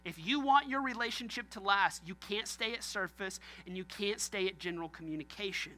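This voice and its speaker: A man's voice: high voice, fairly quick, pushed and bright. A man preaching a sermon as pastor, joking and talking straight to his congregation.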